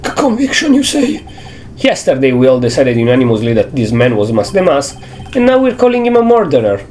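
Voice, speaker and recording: A man voicing an old, easily swayed judge in a video game, in a wavering high voice. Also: huge pitch swings, fairly quick, darkish tone, a little hiss or hum.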